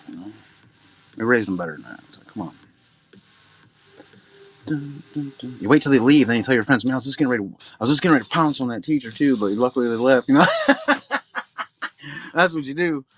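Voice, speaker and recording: A middle-aged man hosts a live card-break stream, chatting loosely and humming small filler sounds between comments. His mid-range voice is animated at a moderate pace, broken by long pauses.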